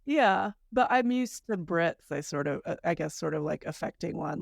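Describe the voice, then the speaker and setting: Woman podcast co-host, low gravelly voice, chatty and reflective, dry close-mic sound. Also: animated, normal speed, hardly any pauses, dry recording. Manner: chatty, reflective, laughs often. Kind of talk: casual podcast chat.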